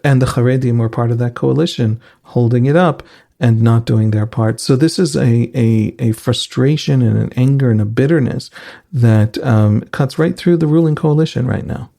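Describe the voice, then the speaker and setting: A man's voice: medium pitch, normal speed, creaky, mellow. A man, a senior analyst explaining politics on a podcast in a thoughtful way, often restarting his sentences.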